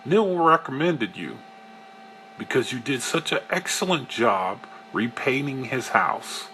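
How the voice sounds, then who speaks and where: A man voicing a pushy middle-aged male client who talks briskly and eagerly on the phone, in a storybook reading. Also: mid-range voice, sing-song, bright, forceful tone, slight background noise, voice pushed up, heavily acted.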